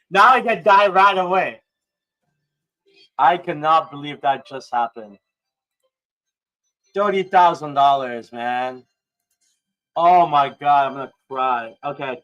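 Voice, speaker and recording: A man hosting a casual livestream, excitable and prone to swearing, swinging between hyped outbursts and low mumbling. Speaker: livestream host.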